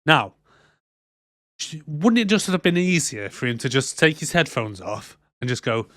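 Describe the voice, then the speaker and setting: A man's voice: on the high side, big pitch swings, normal speed, a bit bright, dry recording, clean studio sound. A man, co-hosting a casual movie roast podcast, laughing often as he recaps scenes. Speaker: podcast co-host.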